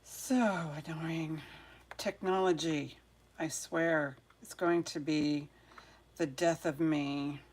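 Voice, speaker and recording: A woman's voice: sits low, fairly even intonation, slow pace, darkish tone. A woman hosting a live jewelry sale stream, chatting casually and muttering to herself while fighting her devices, then greeting viewers one by one. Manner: flustered, chatty, muttering to herself over tech trouble.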